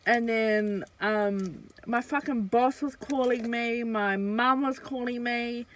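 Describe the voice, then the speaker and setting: A woman's voice: fairly high pitch, takes it slowly, a little hiss or hum, poor audio. A young woman, casually telling a storytime while eating, with lots of fillers. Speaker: vlogger. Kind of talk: storytime mukbang vlog.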